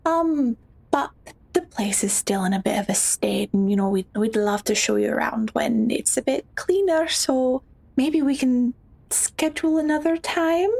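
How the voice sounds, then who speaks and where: A woman's voice: sits high, animated, measured pace, vocal fry, a little mellow, no echo, heavily acted. A woman voicing a polite, prim lady who speaks with hesitant courtesy, in a tabletop role-playing game. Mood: gracious.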